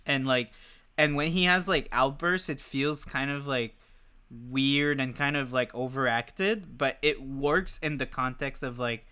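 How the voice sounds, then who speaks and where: This podcast co-host has a smooth, sharp, mid-range voice and speaks a little slowly. His casual chat is animated, full of fillers and swearing, recorded on a podcast mic.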